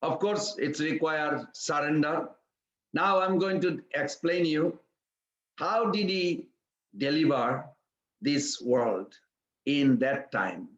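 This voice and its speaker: A man's voice: lively intonation, takes it slowly, fairly bright tone. A man giving a storytelling sermon in simple, broken English. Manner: simple broken English, acts out quoted voices in a higher pitch. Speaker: preacher. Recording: echoey room, slightly dull sound.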